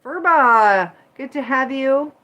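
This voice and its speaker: A woman's voice: high-pitched, lively intonation, slow, sharp tone, highs cut off. A woman from Michigan and Indiana hosting a casual livestream, chatting with viewers, greeting them by name and firmly moderating the chat. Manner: firm when moderating the chat. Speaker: livestream host.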